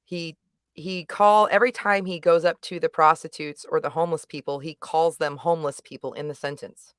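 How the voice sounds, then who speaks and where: Smooth-voiced animated middle-aged woman. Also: sits low, brisk, no echo, studio quality. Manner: animated, emphatic, rambling with self-corrections. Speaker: guest reviewer. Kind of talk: casual livestream movie review chat.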